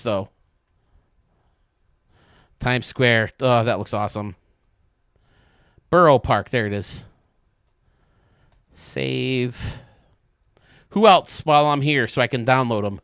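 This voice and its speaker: Male streamer, casual and joking, cusses, dry close sound, mid pitch. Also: a bit bright, smooth, dry recording. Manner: chatty, joking, swears freely, talks to viewers by name. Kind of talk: casual live-stream chat while gaming.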